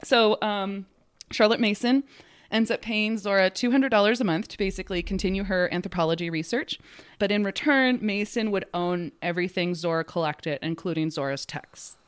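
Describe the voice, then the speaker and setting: A woman's voice: mid-range voice, moderate pace, clear, resonant tone. A woman hosting a casual podcast, telling a history story in a chatty way and acting out quotes. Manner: chatty, animated, acts out quotes.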